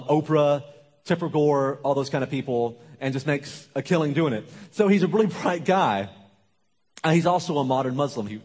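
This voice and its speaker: A man delivers a sermon with an emphatic, repetitive preaching rhythm and sudden quiet drops. His voice sits a little high with a husky edge. A long reverb from a large worship hall trails his words. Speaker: pastor.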